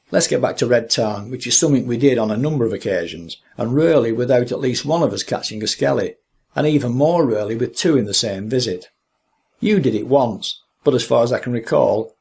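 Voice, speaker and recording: A man interviewing a fellow angler, putting his questions in deliberate, composed phrases. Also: medium pitch, a little mellow, slightly rough.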